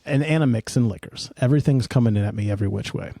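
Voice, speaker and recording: A man's voice: mid-range voice, rapid-fire, creaky, mellow, no room sound, clean studio sound. A middle-aged man hosting a podcast, telling a rambling, self-mocking story in casual chat. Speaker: podcast host.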